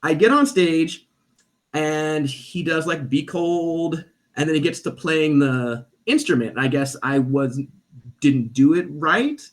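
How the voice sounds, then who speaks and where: This man's voice is fairly high, and he takes his time speaking. A stage performer on a podcast, he tells a story in relaxed conversation, animatedly doing the voices of the people in it.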